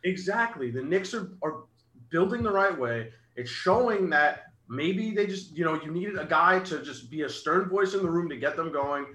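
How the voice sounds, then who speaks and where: Earnest sports co-host, man, bright edgy voice, echoey room. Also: fairly high pitch, lively intonation, moderate pace. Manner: earnest, rattles off stats. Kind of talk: casual sports chat.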